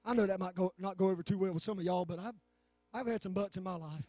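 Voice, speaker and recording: A man preaching a fervent sermon in church, swinging from low talk to shouting. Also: quick pace, dry recording, highs cut off. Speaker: pastor. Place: church sanctuary.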